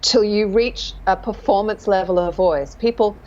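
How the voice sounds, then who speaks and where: A woman dialect coach in a casual interview, talking thoughtfully and often pausing to search for words. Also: medium pitch, darkish tone, muffled recording.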